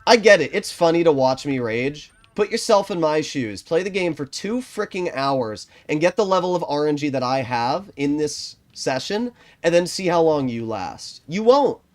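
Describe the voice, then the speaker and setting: Streamer, male, lively pitch, swings from quiet planning to loud swearing rants. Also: moderate pace, hardly any pauses. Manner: frustrated ranting, swears often; quiet, low-key strategy talk. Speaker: gaming streamer. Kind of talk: live game commentary.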